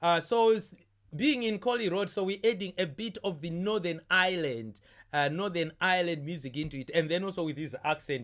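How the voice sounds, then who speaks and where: High-voiced jovial stream host man. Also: animated, fairly quick, fairly bright tone. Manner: jovial, repeats his words, chats to viewers. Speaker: host of an online carnival stream. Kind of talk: casual live-stream hosting.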